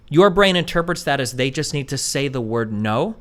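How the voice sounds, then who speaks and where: Man, high lively voice, fast, bright, argumentative, swearing, casual debate. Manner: argumentative, profane, talks over others. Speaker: streamer host.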